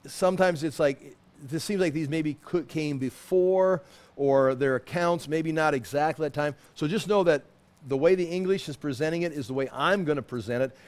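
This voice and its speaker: Guy teaching bible study, kinda high voice, chatty, keeps restarting, points stuff out on a map. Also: moderate pace. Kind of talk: sermon.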